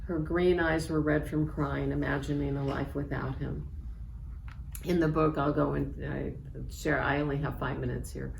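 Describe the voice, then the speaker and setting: A woman in her sixties, an author reading aloud from her memoir in a measured, reflective way. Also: low voice, steady tone, gravelly, darkish tone. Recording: echoey room with faint background noise.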